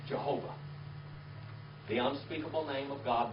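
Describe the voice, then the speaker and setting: A man's voice: mid-range voice, lively intonation, measured pace, a little hiss or hum. Man drilling Hebrew words with a class. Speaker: Bible teacher. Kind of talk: Bible class teaching with call-and-response. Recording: roomy, distant, dull lo-fi sound.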